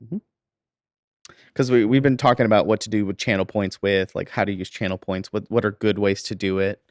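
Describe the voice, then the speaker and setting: A man's voice: on the low side, steady tone, a little fast, no echo, clean studio sound. A man hosting a live stream, chatting in an easygoing way and laughing often. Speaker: stream host. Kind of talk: casual livestream chat.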